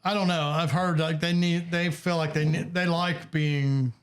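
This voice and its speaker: A man from Ohio with a voice pitched a little high for a man hosts a relaxed podcast chat. He talks in halting bursts, restarts often and swears casually. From Dayton, Ohio. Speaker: podcast host.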